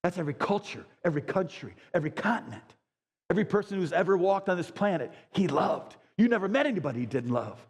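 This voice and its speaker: A man in his sixties preaching a sermon as a pastor, high-energy and emphatic with folksy asides. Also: animated, fast talker. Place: church sanctuary. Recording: long church reverb.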